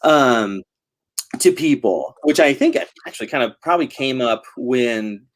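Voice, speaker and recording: A man's voice: medium pitch, animated, a little slow. Guy on a video call, rambly, laughing a lot, lots of ums. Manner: rambling, laughs often, many fillers. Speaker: novelist guest. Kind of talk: casual video-call chat.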